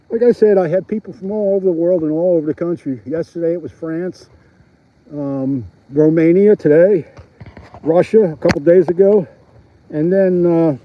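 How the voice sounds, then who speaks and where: A middle-aged man with a Philadelphia accent, chatting casually to viewers of his livestream while ice fishing outdoors, laughing often, recorded on a phone strapped to his chest. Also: fairly high pitch. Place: outdoors on a frozen lake, windy. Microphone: phone mounted on his chest. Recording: dull, slightly lo-fi phone audio.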